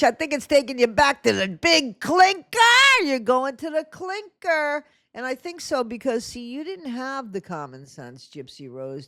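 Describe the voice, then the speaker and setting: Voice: mid-range voice, a little mellow, dry recording, clean studio sound. A speaker in their sixties ranting through blunt, profane, scolding true crime commentary. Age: 60s. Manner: sarcastic, scolding.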